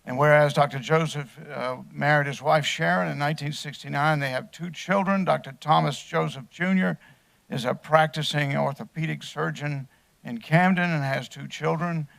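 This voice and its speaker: A man, chairing a council meeting and reading a formal proclamation in a measured way. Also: fairly high pitch, steady tone, creaky, a bit bright. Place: council chamber.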